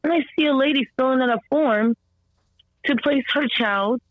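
A woman as a podcast guest tells her story in an animated, rambling way, full of fillers and restarts, and acts out the people she quotes. Her voice sounds slightly strained. The recording is dull and lo-fi with a dry, close sound. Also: high-pitched, normal speed, dry recording. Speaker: podcast guest, mother of an autistic son. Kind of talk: conversational storytelling interview.

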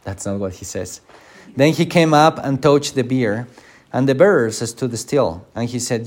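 A male pastor teaching a Sunday school class, animated and acting out quoted lines. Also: medium pitch, measured pace. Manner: frequent fillers and restarts.

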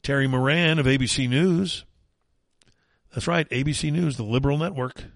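A man's voice: mid-range voice, normal speed, no room sound. A man hosting a talk radio show, delivering an opinionated, mocking and emphatic monologue.

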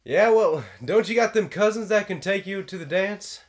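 A man's voice: high voice, normal speed, voice pushed up, natural voice. A man voicing a nosy, boastful middle-aged uncle with a Southern Midwestern accent, in a comedy improv.

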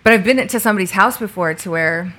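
A woman co-hosting an interview, telling stories casually and acting out the dialogue, sitting in bright sun. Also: medium pitch, quick pace. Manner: animated storyteller, acts out quoted dialogue. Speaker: podcast co-host.

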